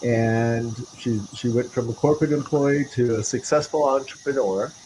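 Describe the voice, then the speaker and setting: A man's voice: medium pitch, moderate pace, a little mellow, rough recording. A man hosting a podcast who opens the episode in a loose, joking way and introduces the guest. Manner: jokey and loose, laughs between takes. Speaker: podcast host. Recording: noticeable background hiss.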